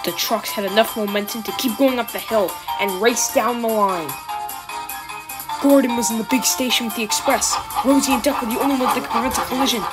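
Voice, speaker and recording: A woman narrating a children's storybook with calm, even storytelling. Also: fairly high pitch, brisk. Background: background music.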